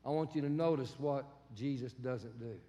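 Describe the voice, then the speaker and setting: A man preaching a sermon, telling a story with acted-out voices and swinging between shouts and soft, quiet lines. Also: medium pitch, moderate pace, a little hiss or hum. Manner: animated storytelling, acts out quoted voices, shifts from shouting to soft. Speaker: pastor. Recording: long reverb of a large hall.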